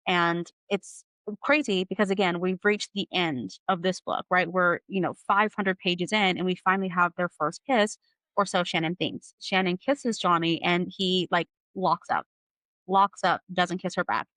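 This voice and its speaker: A woman's voice: on the low side, fairly even intonation, moderate pace, a bit bright, dry recording, poor audio. A woman hosting a podcast, recapping a novel in an analytical way with many "like" and "you know" fillers. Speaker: podcast host. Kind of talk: book recap discussion.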